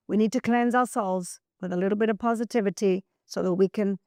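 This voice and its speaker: A woman hosting a news commentary show, speaking emphatically and scolding, slowing down to stress her words. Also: mid-range voice, steady tone, a little mellow, no echo, studio quality. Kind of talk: opinion commentary.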